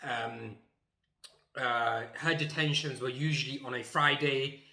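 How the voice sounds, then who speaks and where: Young man, comic storytelling, bright voice, echoey room. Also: mid-range voice, slow pace. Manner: animated, acts out scenes, emphatic. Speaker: YouTuber.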